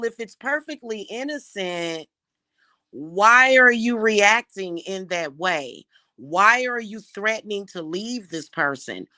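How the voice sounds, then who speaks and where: A woman's voice: fairly low pitch, pushed and bright, dry recording, studio quality. A woman giving blunt love advice in a casual monologue, emphatic and swearing freely.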